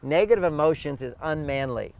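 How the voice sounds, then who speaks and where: A man's voice: fairly high pitch, animated, brisk, creaky, darkish tone, a little hiss or hum. An older man giving relationship advice in an interview, emphatic, often acting out what partners say. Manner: emphatic, acts out quoted partners. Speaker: relationship author, guest. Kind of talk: interview answers.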